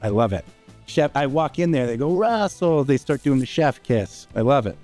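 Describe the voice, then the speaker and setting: A man's voice: mid-range voice, normal speed, mellow, faint music behind. A man hosting a home cooking demonstration, talking casually and tossing in "all right?" asides as he cooks in his kitchen. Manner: chatty, informal, with frequent "all right?" asides.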